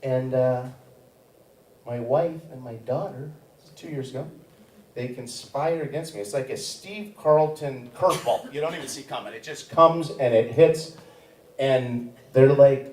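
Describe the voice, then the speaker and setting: A man's voice: mid-range voice, measured pace, darkish tone. A man in his fifties doing a stand-up comedy set on a theater stage, rambling along with many fillers and restarts. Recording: echoey room, picked up from a distance.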